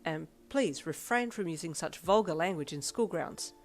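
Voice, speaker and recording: A woman reads as a proper young male student, earnest and blunt, his words stiff and formal. The voice sits fairly low, close to the reader's own. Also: animated, moderate pace, a little mellow.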